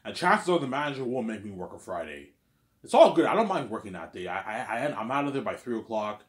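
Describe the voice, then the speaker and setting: A man's voice: on the low side, big pitch swings, fast talker, a bit bright. A man telling a story in a casual, rambling monologue, repeating himself and asking "you know what I'm saying?". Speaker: vlogger.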